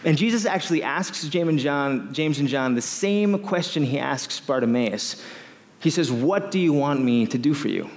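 A man preaching a sermon as a pastor, in an animated way, often repeating phrases. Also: on the high side, moderate pace, long reverb tail.

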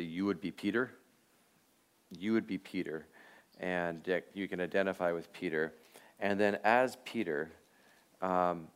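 With a clean tone that sits low, a male teacher walks his class through a reflective, unhurried meditation on a Bible passage, often pausing on fillers.

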